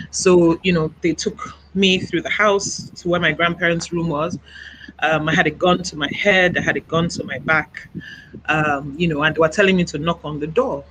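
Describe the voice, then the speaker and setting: A woman from Nigeria, interviewed over a video call, recounts her own experience in a soft, halting way. She often stops to gather her words and leans on small fillers. Her voice is bright and slightly tense. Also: sits low, steady tone, slight background noise, low-quality recording. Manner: soft-spoken, halting, reflective, many "you know" fillers. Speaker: interview guest.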